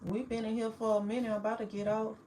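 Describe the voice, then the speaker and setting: A woman, chatting casually with viewers on a livestream, affectionate and quick to laugh. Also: a little high, flat delivery, dark tone, slight background noise, poor audio. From New Orleans, Louisiana. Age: 40s. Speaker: livestream host.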